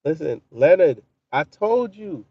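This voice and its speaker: A man's voice: on the high side, very animated, measured pace, breathy edge, dry recording, highs cut off. A man hosting a casual livestream, talking in a profane, mocking way and answering his chat. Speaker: livestream commentary host.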